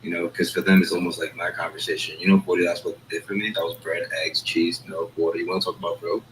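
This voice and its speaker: A man's voice: sits low, flat delivery, fast, fairly bright tone, a little hiss or hum, low-quality recording. A man hosting a casual chat, rambling and streetwise, talking in loose asides.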